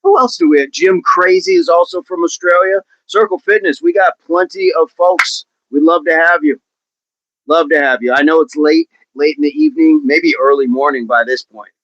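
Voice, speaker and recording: On a livestream, a man coaches fitness, chatting with viewers in an upbeat, encouraging tone and often repeating himself. His voice is slightly high and a bit bright, at a normal speed. The audio is dull and dry, with no echo.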